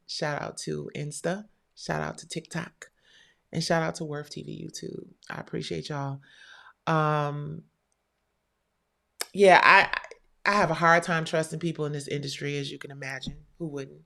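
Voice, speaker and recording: A woman's voice: sits low, steady tone, moderate pace, vocal fry, fairly bright tone. A woman hosting a live stream show, telling a story in a candid, blunt and profane way. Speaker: livestream show host. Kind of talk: casual livestream talk.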